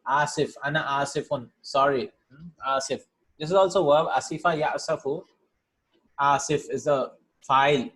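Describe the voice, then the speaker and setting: A man's voice: on the high side, moderate pace, a bit bright, low-quality recording. A man teaching a language lesson in a casual, thinking-aloud way, reading words out one by one and checking in with "right?" as he goes. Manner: informal, thinks aloud, tags lines with "right?" and "yeah?"; reads each word, then glosses it. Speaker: Arabic teacher. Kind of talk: casual lesson explaining vocabulary and grammar.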